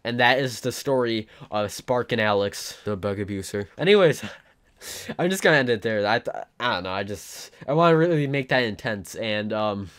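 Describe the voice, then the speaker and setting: A man's voice: on the low side, expressive, normal speed, a bit bright, smooth. A teenage boy telling a rambling, self-mocking story in a casual vlog. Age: teens. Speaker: YouTuber.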